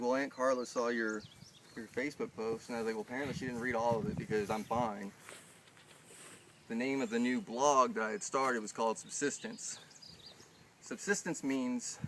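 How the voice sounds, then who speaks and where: A man's voice: lowish voice, fairly bright tone, slight background noise. Profane, intense young man telling a story. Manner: profane, intense, builds to heated outbursts. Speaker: spoken word performer. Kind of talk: confessional storytelling and spoken word poetry. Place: live show.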